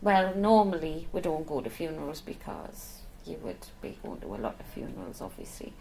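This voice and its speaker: A woman's voice: deep voice, very animated, normal speed, vocal fry, a little hiss or hum, poor audio. A middle-aged woman, a palliative care nurse talking candidly about her work in a documentary interview. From Northeast England. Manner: warm, candid, emotional at times. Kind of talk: documentary interview, personal storytelling.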